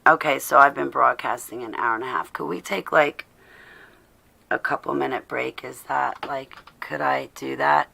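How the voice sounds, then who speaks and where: A woman livestreaming, reading her own writing in a casual way, halting and apologetic with many pauses, and close to tears. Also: rumbling low, fairly even intonation, creaky, bright, forceful tone. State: emotional, near tears.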